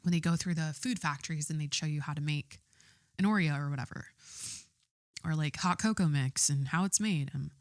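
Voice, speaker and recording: A woman's voice: sits low, brisk, dry recording, clean studio sound. A young woman hosting her own podcast, rambling and giggling through a casual monologue and swearing freely. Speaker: podcast host.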